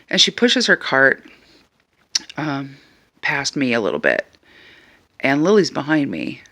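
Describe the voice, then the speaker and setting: A man telling a story in a casual, animated and exasperated way. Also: medium pitch, measured pace, long pauses. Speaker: vlogger.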